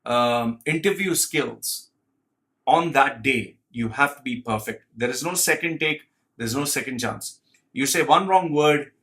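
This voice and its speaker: Guy coaching on job interviews, bright edgy voice, swears a lot, very blunt. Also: mid-range voice. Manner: forceful, profane, emphatic. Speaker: career coach. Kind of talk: blunt advice monologue.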